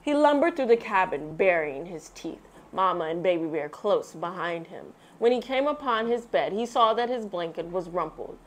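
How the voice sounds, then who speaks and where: A woman reading a children's picture book aloud, with expressive storytelling, then sharing her thoughts. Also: lowish voice, moderate pace, few pauses, slight background noise. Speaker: read-aloud host.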